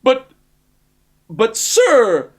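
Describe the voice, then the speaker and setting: A man voicing an earnest, pompous male space hero in a comic audiobook reading, with slow, booming, self-serious declarations. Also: wildly swooping pitch, exaggerated voice. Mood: whiny.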